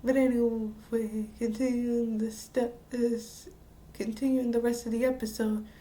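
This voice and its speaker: A woman recaps an anime episode in a casual, rambling way, stopping mid-word and starting over. Her voice is high and mellow, and she speaks at an unhurried pace. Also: little pitch movement, slight background noise. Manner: rambling with frequent restarts and laughs. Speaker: anime reviewer.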